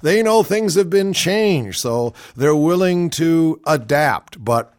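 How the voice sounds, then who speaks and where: A man's voice: on the high side, animated, takes it slowly, smooth, no echo. A man delivering an opinionated monologue as a host, with wry, sardonic asides.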